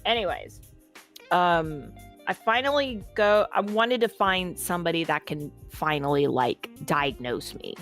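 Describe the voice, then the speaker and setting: A woman's voice: lowish voice, lively intonation, a little slow, a bit bright, faint music behind. A woman guest in an interview, telling a personal story in a casual, candid and profane way.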